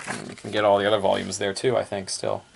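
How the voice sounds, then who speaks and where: A man's voice: fairly low pitch, completely flat delivery, quick pace, creaky, slight background noise. A male reviewer talks through a book in a loose, offhand way. He rambles, laughs often and leans on repeated one-word fillers. The delivery is casual and unscripted.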